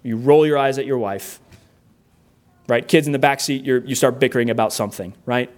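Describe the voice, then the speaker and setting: A man's voice: medium pitch, a little fast, a little mellow. A middle-aged man preaching a sermon, earnest and plainspoken, with rhetorical questions. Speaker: pastor.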